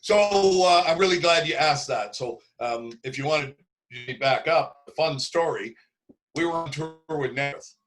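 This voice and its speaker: A man in his sixties from Canada, a drummer guest telling stories in a relaxed interview, slipping into voices for the people he quotes. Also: fairly high pitch, normal speed, a little hiss or hum, poor audio. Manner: lively storyteller who acts out quoted voices. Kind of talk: casual interview storytelling.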